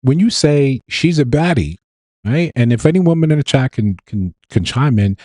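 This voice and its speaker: A man's voice: medium pitch, lively intonation, normal speed, warm tone, no echo, clean studio sound. A man hosting a livestream, giving an opinionated commentary monologue with emphatic repetition and rhetorical questions. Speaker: livestream host.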